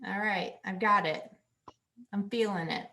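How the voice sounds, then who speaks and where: A woman's voice: mid-range voice, steady tone, measured pace, sharp tone, slight background noise. A woman co-hosting a podcast, a supportive listener who answers with short replies and laughs. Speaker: podcast co-host. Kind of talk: casual chat.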